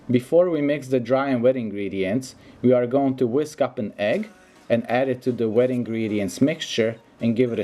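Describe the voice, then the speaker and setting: Male cooking host with a warm, mellow voice, narrating a recipe in a calm step-by-step way. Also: mid-range voice. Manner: steady step-by-step instruction. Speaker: home cooking channel host.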